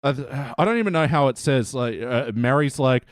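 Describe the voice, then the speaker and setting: A man's voice: medium pitch, moderate pace, no room sound. Male podcast co-host, mid-range voice, chatty anecdotal delivery, close dry mic. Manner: chatty storyteller, laughs often, leads the questions. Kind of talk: casual review chat.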